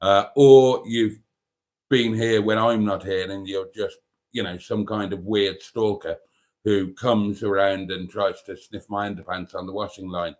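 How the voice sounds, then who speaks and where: A man's voice: lowish voice, steady tone, unhurried. A man from Britain hosting a live stream, chatting casually and rambling between jokes. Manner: rambling, jokey, theatrical.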